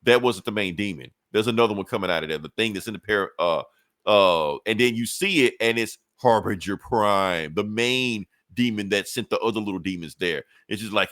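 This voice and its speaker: A man's voice: lowish voice, fairly quick, fairly bright tone, dry recording, clean studio sound. A man on a podcast casually retelling a comic book story, loose and profane, laughing often. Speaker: podcast co-host.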